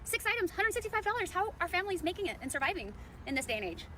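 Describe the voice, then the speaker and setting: High-voiced woman going off about costco prices, swoopy and quick, noisy background. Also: very animated. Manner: incredulous, dismayed. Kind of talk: casual vlog rant about prices. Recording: clear background noise.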